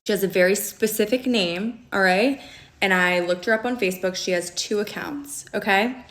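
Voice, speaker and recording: A woman's voice: mid-range voice, normal speed, a bit bright. A young woman telling a personal story in casual storytime style, emphatic and often checking in with "okay?". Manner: emphatic, peppers talk with "okay?" and "like". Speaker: storyteller in a video clip.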